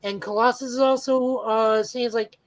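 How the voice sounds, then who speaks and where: On a rough recording, a man co-hosting a laid-back podcast goes on and on in enthusiastic, rambling fan talk. His voice is very high-pitched, with a steady tone and a moderate pace.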